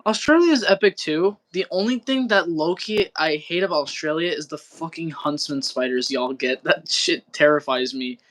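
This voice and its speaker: A man's voice: on the high side, normal speed, hardly any pauses, a bit bright. A young man, chatting loosely on a livestream, full of slang and swearing. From Wisconsin, US Midwest. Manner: rambling, slangy, swears a lot, keeps saying bro. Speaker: livestream co-host. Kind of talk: casual chat on a livestream.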